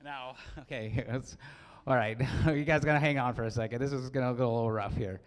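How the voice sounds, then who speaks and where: A man's voice: medium pitch, fairly even intonation, brisk. A man in his forties giving a joking, self-deprecating wedding speech and laughing often. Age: 40s. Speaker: wedding speaker. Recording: long hall reverb.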